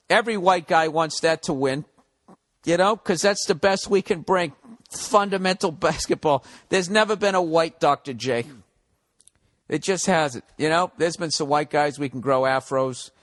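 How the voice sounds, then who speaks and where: A man hosting his own podcast, talking in a casual, rambling monologue that is blunt, joking and full of swearing. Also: a little high. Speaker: podcast host.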